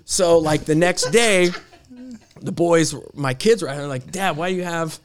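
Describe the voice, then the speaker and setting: A man's voice: on the high side, normal speed, a little hiss or hum. A middle-aged man hosting a casual chat, telling a rambling story and laughing through his lines. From Marietta. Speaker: podcast host.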